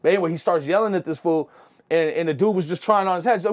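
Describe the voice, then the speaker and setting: A young man, a music producer, telling stories in a casual, slangy, animated way. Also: sits high, rapid-fire. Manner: animated, slangy, full of "you know what I'm saying". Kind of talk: casual storytelling.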